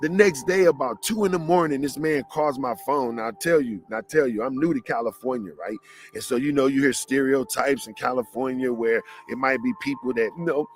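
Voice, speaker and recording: A man from Detroit giving a lively motivational talk, telling stories in slangy, animated speech and laughing along. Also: mid-range voice, fairly quick, faint music behind. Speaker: motivational speaker.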